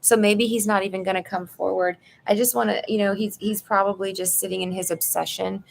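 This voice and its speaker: A woman doing a live tarot reading at home, speaking into her phone. Her mid-range voice has a strong vocal fry running through it. She talks bluntly and casually, as if chatting with a close friend. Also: medium pitch, fairly even intonation, fairly quick, slight background noise. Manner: blunt, chatty, addresses viewer as "girl". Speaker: tarot reader. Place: apartment room at home.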